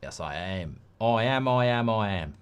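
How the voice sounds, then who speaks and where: A man's voice: on the low side, animated, measured pace, clear, resonant tone. A man hosting a live football watchalong, chatting in a rambling way and reading out viewer comments. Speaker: host.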